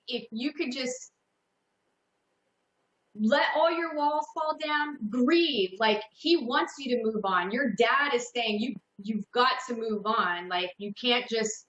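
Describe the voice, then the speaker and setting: A woman hosting a call-in psychic radio show, giving slow, hesitant readings full of fillers and restarts. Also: fairly high pitch, fairly bright tone, reverberant, muffled recording.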